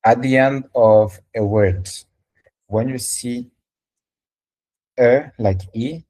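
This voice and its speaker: A man's voice: mid-range voice, slow pace, mellow. A man whose first language is French, patiently teaching French letters and sounds in English during a live lesson.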